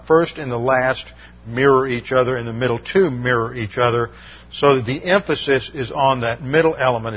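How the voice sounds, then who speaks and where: Husky guy teaching bible verse by verse, slow and methodical, lots of uh's, kinda muffled lo-fi audio. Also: medium pitch. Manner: methodical, explains Greek terms, frequent uh fillers.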